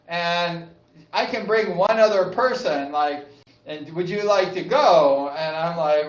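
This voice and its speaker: A man's voice: a little high, unhurried, far from the mic. An older man from Southern California telling casual, rambling stories about his past, often saying "like" and laughing. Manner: rambling, says "like" a lot, laughs often, excitable yells. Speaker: vlogger, former speedway rider. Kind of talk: casual reminiscing monologue. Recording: echoey room, slightly dull sound.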